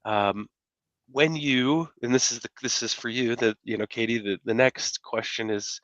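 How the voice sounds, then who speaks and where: A man hosting an interview, speaking gently and haltingly as he shares a personal story and asks a question. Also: medium pitch, no room sound. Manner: gentle, halting, many fillers. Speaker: host. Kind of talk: interview talk. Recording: dull, dry sound.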